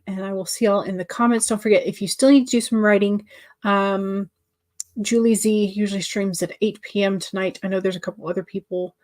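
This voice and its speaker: A woman's voice: medium pitch, darkish tone. A woman hosting a writing-sprint livestream, chatting casually and answering viewer comments with many fillers and restarts.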